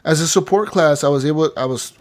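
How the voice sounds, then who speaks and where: Excitable gamer guy swearing casually. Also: fairly high pitch, fast talker. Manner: animated, swears freely, says "dude" and "man". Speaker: podcast co-host. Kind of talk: casual gaming podcast chat.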